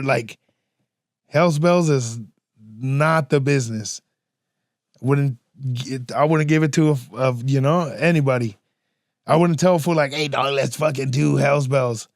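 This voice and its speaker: Male podcast host; casual, profane storyteller who acts out his stories; a bit high-pitched, dry sound. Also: no room sound. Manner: slangy and profane, peppers talk with "fool" and "dog".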